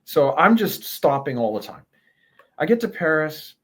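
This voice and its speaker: A man, a guest telling a lively travel story in a casual interview, laughing and swearing as he goes. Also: a little high, moderate pace. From Canada.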